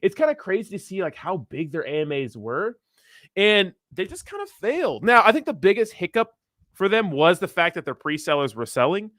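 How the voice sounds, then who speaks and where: A man's voice: sits high, sing-song, normal speed, fairly bright tone, dry recording, clean studio sound. A young man hosting a crypto livestream in casual, rambling, profane chat, reading viewer messages aloud.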